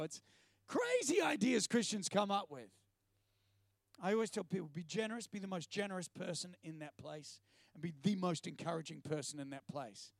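A man's voice: a little high, brisk, vocal fry, no echo. A man preaching a sermon, telling stories with jokey asides. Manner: storytelling, animated, jokey asides. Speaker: preacher and TV presenter.

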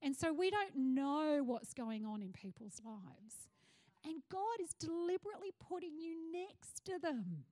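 A woman's voice: sits high, very animated, measured pace, darkish tone. A middle-aged woman pastor with an Australian accent, preaching a passionate sermon that rises to fervent cries.

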